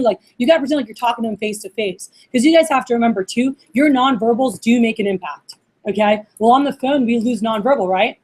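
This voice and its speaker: A woman with a fairly high voice leads a training session for a room of trainees. She talks in an animated, hands-on way, acting out little phone calls and often checking that everyone is following. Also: fast. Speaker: workshop trainer. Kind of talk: live training talk.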